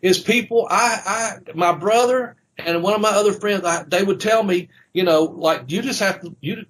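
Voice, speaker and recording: A man's voice: high voice, moderate pace, husky. A man hosting a casual podcast chat, rambling and swearing as he tells stories from wrestling. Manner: rambling, profane, animated storytelling.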